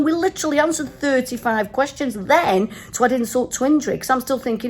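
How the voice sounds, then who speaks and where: A high-pitched, brisk, somewhat mellow voice belongs to a travel vlogger in her fifties. Tipsy in her hotel room, she tells stories with plenty of energy and plenty of swearing in this casual vlog.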